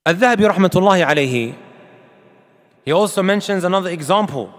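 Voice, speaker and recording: A man's voice: sits high, animated, fast, big-room sound. A man preaching a sermon to an audience, emphatic and full of rhetorical questions, with Arabic quotations. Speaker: Islamic preacher.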